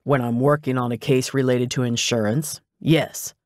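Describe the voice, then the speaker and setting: A man's voice: mid-range voice, steady tone, normal speed, no echo, lightly acted. A man voicing a wry, dry private investigator. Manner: matter-of-fact, teasing. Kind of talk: audiobook dialogue.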